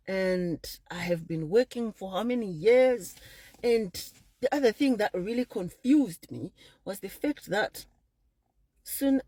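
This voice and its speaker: A woman's voice: medium pitch, breathy edge, dry recording. A woman telling a personal story to an audience, speaking directly to them and acting out the people in it. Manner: animated storyteller who acts out quoted people.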